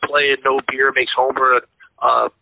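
A man's voice: medium pitch, flat delivery, a little slow, vocal fry, background noise. A man co-hosting a casual movie podcast, retelling film anecdotes and acting out the quotes. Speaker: podcast co-host. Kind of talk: casual chat. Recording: dry, tinny phone-like sound.

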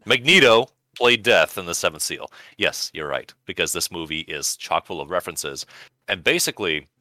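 A man co-hosting a casual podcast, retelling film scenes in an animated, profane, rambling way. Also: deep voice, normal speed, no room sound, studio quality. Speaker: podcast co-host.

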